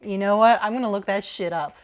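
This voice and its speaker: A woman's voice: medium pitch, quick pace. A young adult woman co-hosting a casual podcast chat, rambling through asides and swearing freely. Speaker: podcast co-host.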